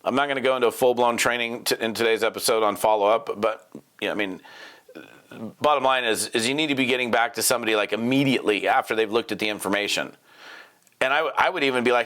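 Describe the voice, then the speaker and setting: A middle-aged man coaching network marketers in an energetic, casual talk, quickly acting out bits of phone dialogue with prospects. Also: medium pitch. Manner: fast, animated, acts out quick prospect dialogues.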